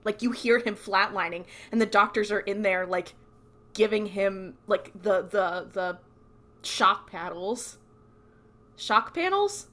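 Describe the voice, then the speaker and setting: A woman's voice: mid-range voice, unhurried. A woman co-hosting a podcast, recapping a TV episode in casual chat and acting out the lines. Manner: animated storytelling, acts out quotes. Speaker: podcast co-host.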